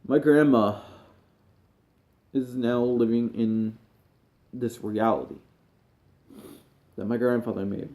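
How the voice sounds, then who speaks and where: A man, a gaming streamer, speaking to camera while grieving and near tears. He talks in a halting, emotional way and often trails off quietly. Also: medium pitch, fairly even intonation. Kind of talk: personal talk to camera.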